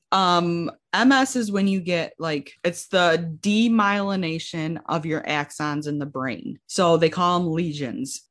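A young woman in her twenties casually telling her own story, acting out what people said and using lots of "like". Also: deep voice. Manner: animated, acts out quotes with lots of "like". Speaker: guest sharing her story.

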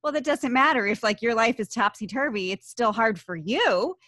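A woman's voice: on the high side, expressive, moderate pace, sharp tone, no room sound. Effusive woman in her fifties, dry mic. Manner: emotional, effusive, thinks aloud with many "like"s. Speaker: podcast host. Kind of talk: conversational interview.

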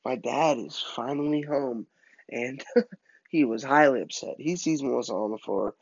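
A man casually telling a comic story about his childhood, in an animated, self-mocking way. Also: mid-range voice, measured pace, gravelly, no room sound, lo-fi sound.

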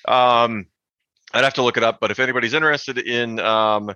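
A man co-hosting a podcast, chatting casually and rambling about language with animated asides. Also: medium pitch, a little fast, smooth, no room sound, dull audio. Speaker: podcast co-host. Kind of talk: casual chat.

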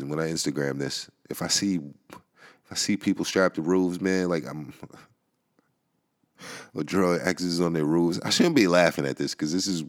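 A man hosting a podcast, ranting casually, laughing often and swearing as he rambles. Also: extremely low pitch. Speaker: podcast host. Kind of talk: casual rant. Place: New York.

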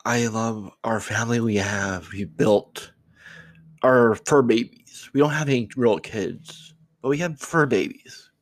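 A man's voice: mid-range voice, measured pace, no room sound. A man hosting an unscripted solo podcast, musing aloud in a reflective, rambling way and getting choked up, his voice trembling. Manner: reflective, rambling with restarts and repeated words. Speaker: podcast host.

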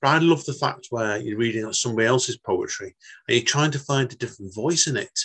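Man, podcast host, husky, casual chat. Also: mid-range voice, brisk, fairly bright tone.

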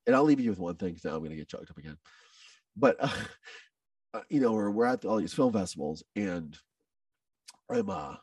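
A man speaking as a podcast guest, telling an emotional personal story in an animated way, with many restarts and quoted dialogue. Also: deep voice, a little fast, long pauses, husky, no echo, distant mic.

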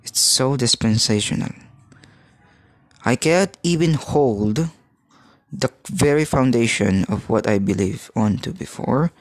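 A man in his thirties, from the Philippines, hosting a solo podcast in a halting, rambling way, often restarting as he searches for words. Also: mid-range voice, animated, dry recording. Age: 30s. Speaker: podcast host.

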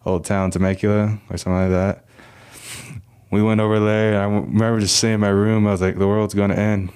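A man's voice: lowish voice, level tone, fast talker, a little mellow, clear, resonant tone. A young man, an athlete guest on an interview show, recalling a memory in an easygoing way. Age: young adult. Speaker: guest, football player. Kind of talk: casual interview chat.

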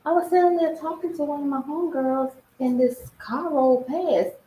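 Woman castmate, high-ish voice, easygoing storyteller. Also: normal speed, warm tone. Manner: loose anecdotal storytelling. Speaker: podcast cast member. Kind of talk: casual chat. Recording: echoey room with faint noise.

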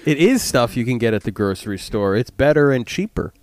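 A man's voice: lively intonation, a little fast, a little mellow, dry recording. Laughing young man hosting a podcast. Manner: laughing, rambling, joking ad pitch. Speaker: podcast host. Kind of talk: casual chat.

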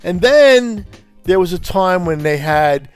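A podcast host from Brooklyn, ranting angrily and profanely in a confrontational way. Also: male voice, high voice, lively intonation, slow, clear, resonant tone, soft background music. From Brooklyn, New York. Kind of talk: angry profane rant.

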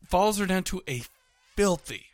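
A man co-hosting a podcast, retelling a film in an animated way with crude jokes. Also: sits high, normal speed, dry recording, studio quality. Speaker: podcast co-host. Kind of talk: casual film chat.

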